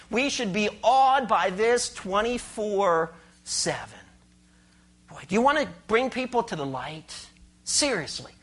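A pastor preaching a sermon with emphasis, putting rhetorical questions to the congregation and reading scripture aloud with slow stress. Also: medium pitch, a bit bright.

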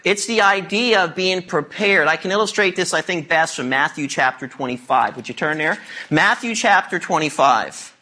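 A man's voice: on the high side, lively intonation, moderate pace, few pauses, bright, forceful tone. A man preaching as pastor, reading scripture and teaching emphatically with playful asides.

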